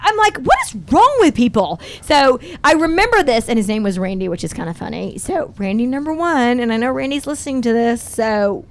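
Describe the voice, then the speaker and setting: A woman's voice: a little high, a little fast, few pauses. Middle-aged woman telling a profane story. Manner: candid, profane, animated storytelling. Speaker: podcast host. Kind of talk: casual podcast storytelling.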